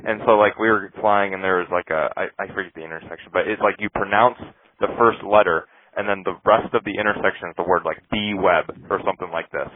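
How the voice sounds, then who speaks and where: A man's voice: low-pitched, fairly even intonation, quick pace, narrow, tinny audio, a little hiss or hum. A man co-hosting a podcast, telling profane, laughing stories about flying. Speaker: podcast co-host and pilot. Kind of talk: casual storytelling chat.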